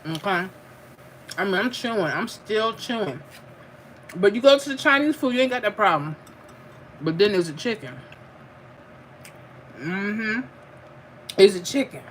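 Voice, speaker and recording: A woman's voice: mid-range voice, expressive, measured pace, pauses often, a little hiss or hum. A middle-aged woman, chatting casually while she eats on a home livestream and reads out viewer comments, laughing and calling people "honey". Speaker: livestream host.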